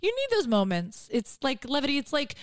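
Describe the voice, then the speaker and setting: A woman's voice: high-pitched, brisk, no room sound, studio quality. A woman comedian telling stories in a casual podcast chat, acting out the people she quotes. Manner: animated storytelling, acts out quotes. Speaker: comedian guest.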